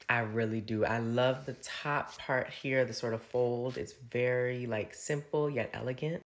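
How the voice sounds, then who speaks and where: A man's voice: medium pitch, steady tone, a little slow, few pauses. A young man giving a casual, gushing fashion recap, chatty and full of "like" fillers. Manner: gushing, chatty, heavy use of "like". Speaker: fashion commentator. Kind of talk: casual red carpet recap commentary.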